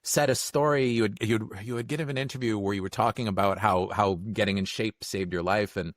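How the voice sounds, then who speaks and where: A middle-aged man chatting casually as a podcast guest, telling stories quickly and acting out the lines of the people in them. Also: on the low side, fairly even intonation, no echo, clean studio sound. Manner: fast storyteller, acts out quotes. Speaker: podcast guest, film critic. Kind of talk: casual chat.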